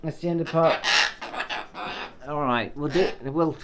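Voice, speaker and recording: A man's voice: a little high, slow pace. A man chatting to his pet bird in a vlog, with playful baby talk and cheering. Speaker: pet owner and channel host.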